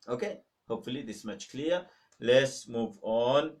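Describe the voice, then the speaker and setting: In a mosque teaching room, a male teacher runs an online Arabic lesson, slowly drilling each word and having students repeat it, then firmly exhorting them to keep practising. His medium-pitched, darkish voice has lively intonation and sounds a little distant from the mic.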